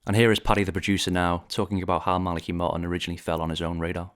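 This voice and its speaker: Deep-voiced man narrating a podcast. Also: flat delivery, fairly bright tone, smooth. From Liverpool, England. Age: 40s. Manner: measured, reflective storytelling in a self-described posh radio voice. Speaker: documentary director and podcast host.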